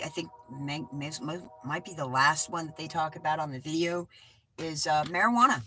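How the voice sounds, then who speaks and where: Bright-voiced rambling woman livestreaming from an RV. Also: on the low side, dry recording, poor audio. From California. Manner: rambling, chatty, calls viewers hun. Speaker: vlogger. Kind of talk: casual livestream chat. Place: inside a small RV.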